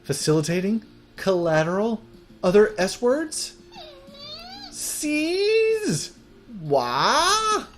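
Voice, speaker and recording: A man's voice: high-pitched, big pitch swings, extremely slow, long pauses, faint music behind, pitched above the performer's own voice, full character voice. A man doing a chirpy young shop girl. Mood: panicked. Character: cheerful naive young girl shopkeeper.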